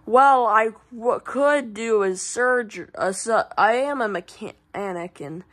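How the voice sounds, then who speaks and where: A woman's voice: fairly high pitch, unhurried, a bit bright. A woman voicing a doctor who is also a mechanic, rambling unsurely through advice. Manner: rambling, unsure, full of restarts.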